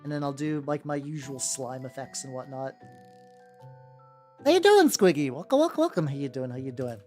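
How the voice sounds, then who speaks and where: A man on a live stream rambles casually while he paints miniatures, his pitch swooping up and down as he talks. He restarts sentences a lot, swears freely and keeps greeting his viewers, with soft music playing faintly underneath. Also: sing-song, moderate pace.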